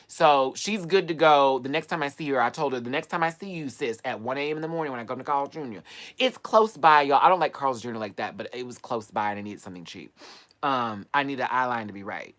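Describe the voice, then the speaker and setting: A man in the middle of his range chats to his live viewers and launches into stories. He talks with sass and animation, full of playful slang. The delivery stays casual and lively throughout. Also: medium pitch, fast talker. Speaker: livestream host. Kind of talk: casual livestream chat and storytelling. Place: at home, live stream.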